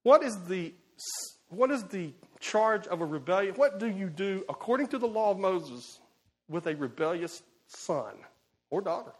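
A man preaching an expository sermon, animated and emphatic, swinging between loud bursts and quiet asides. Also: high-pitched, moderate pace.

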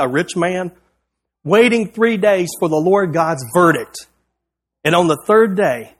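A man's voice: high voice, husky. A man preaching a sermon, reading a prepared text aloud in an earnest, rhythmic way with a repeated refrain.

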